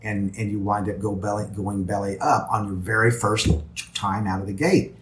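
A man's voice: on the low side, fairly even intonation, normal speed, fairly bright tone, echoey room. A man talking as a podcast guest in casual interview chat, rambling with many restarts and repeated words.

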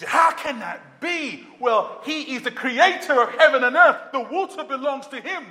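High-voiced preacher in an echoing hall. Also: male voice, expressive, moderate pace. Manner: dramatic, swings from loud calls to soft low lines. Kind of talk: sermon. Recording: long hall reverb.

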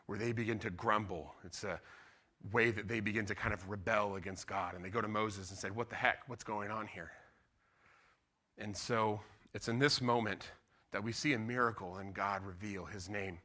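A middle-aged man, preaching a sermon in an animated, conversational way and acting out what people say. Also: fairly low pitch. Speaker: pastor.

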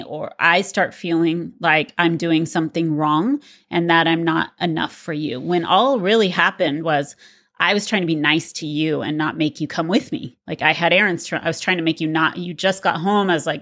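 Woman co-host, middle-aged, earnest reflective talk, lowish voice. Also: steady tone, normal speed, fairly bright tone. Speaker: podcast co-host. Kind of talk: casual podcast conversation.

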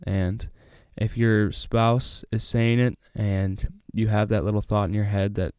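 Mellow low-voiced man reading scripture. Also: measured pace, few pauses, smooth, no room sound, clean studio sound. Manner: relaxed, chatty, many fillers. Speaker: Bible study host. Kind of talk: casual Bible reading and commentary.

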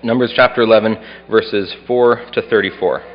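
A man's voice: fairly low pitch, steady tone, normal speed. A man preaching a Sunday sermon as pastor, earnestly reading scripture aloud with some expression. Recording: dull sound with long hall reverb.

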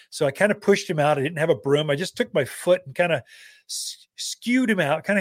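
Animated folksy man hosting gardening radio. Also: fairly high pitch, fairly quick, dry recording, clean studio sound. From Arizona. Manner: folksy and animated, with many fillers and loose asides. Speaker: gardening radio show host. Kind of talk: casual storytelling on a radio talk show.

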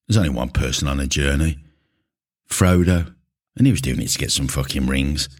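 A man's voice: a bass voice, moderate pace, pauses often, darkish tone. A middle-aged man, a gym coach, ranting casually to camera in a blunt, indignant, sweary way. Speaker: gym coach and podcast host. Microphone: camera mic at close range.

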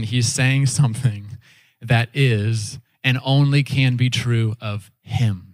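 A man preaching a sermon in a casual, animated way, acting out quoted voices as he tells stories. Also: a little high, no echo. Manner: casual, with frequent "like" and "all right". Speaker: pastor.

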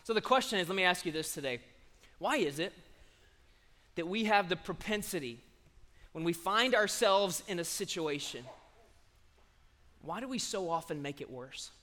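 A man preaches with lively, humorous storytelling. His voice sits very high for a man and sounds bright and forward. A long reverb from a large hall trails behind every phrase. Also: normal speed, pauses often. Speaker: pastor. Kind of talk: sermon.

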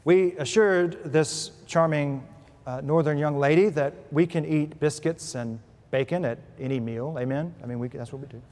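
A male pastor with a fairly high voice delivers a sermon, weaving humor into his storytelling. His voice rises and drops in volume as he works the congregation. The sound carries a long reverb from a large church sanctuary. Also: moderate pace. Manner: storytelling with humor, lively shifts in pitch and volume. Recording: preached in a hall with long reverb.

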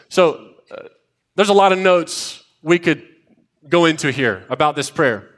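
Pastor, man, 30s, higher register, animated storyteller who builds to emphatic, repeated lines. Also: unhurried. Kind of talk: sermon with personal stories.

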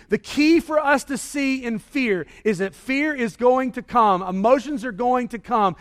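A man preaching a sermon as pastor, moving from quiet scripture reading to loud, emphatic repetition with his congregation. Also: extremely high pitch, a little slow, hardly any pauses. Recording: long hall reverb.

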